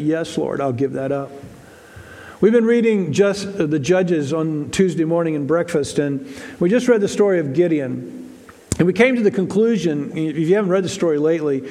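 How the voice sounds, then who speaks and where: A pastor with a high, light voice preaches in an easy, talky way to his congregation. He repeats himself, restarts phrases and slips into voices for the people he quotes. The sound carries a long reverb from the church sanctuary. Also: darkish tone. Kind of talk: sermon. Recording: reverberant hall.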